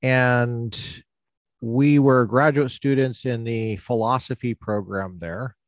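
A man's voice: medium pitch, steady tone, takes it slowly, dry recording. A man in his forties hosting a podcast, chatting casually, joking and rambling with many fillers. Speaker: podcast host. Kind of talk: casual interview chat.

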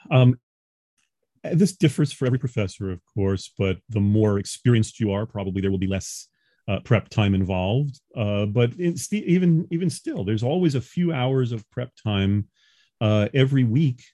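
A man in his forties from Long Island, New York, an adjunct professor, joins a casual interview as a guest over a video call. His fairly low, dark voice is expressive and moves at normal speed as he explains things earnestly and laughs easily. The recording is dry and studio quality.

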